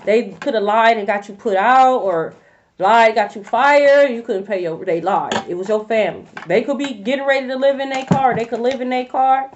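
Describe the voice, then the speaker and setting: A woman's voice: fairly high pitch, normal speed, muffled recording, slight background noise. A woman doing a casual tarot reading to camera, blunt and profane, full of slang and repeated phrases. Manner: blunt, profane, animated slang-heavy delivery. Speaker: tarot reader.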